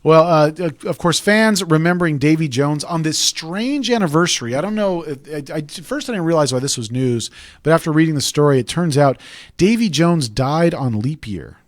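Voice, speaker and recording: A man's voice: fairly high pitch, lively intonation, normal speed, no room sound. A man hosting a talk radio show, chatting casually and rambling into digressions.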